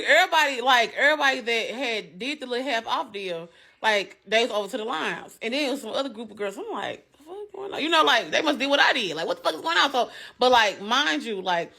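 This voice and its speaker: A woman's voice: fairly high pitch, pushed and bright. Woman telling a profane story. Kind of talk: casual storytelling.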